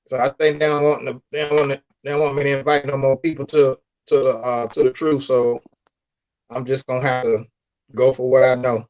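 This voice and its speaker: A man's voice: mid-range voice, little pitch movement, brisk, a little mellow. A man hosting a casual live stream, talking loosely in slang and reading out chat comments. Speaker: livestream host. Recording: dull lo-fi stream audio.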